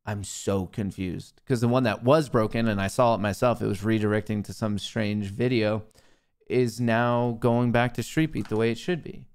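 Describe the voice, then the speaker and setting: A man's voice: lowish voice, fairly even intonation, normal speed, a little mellow, clean tone. A young man hosting a live trading stream, talking casually to himself and his viewers, muttering and swearing at the market. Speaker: livestream host, day trader.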